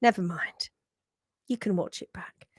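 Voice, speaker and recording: A woman's voice: on the low side, a little slow, husky, no room sound, clean studio sound. A middle-aged woman hosting a live stream, chatting casually and greeting viewers as she reads out their comments. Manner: chatty, warm greetings, frequent restarts and laughs. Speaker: livestream host.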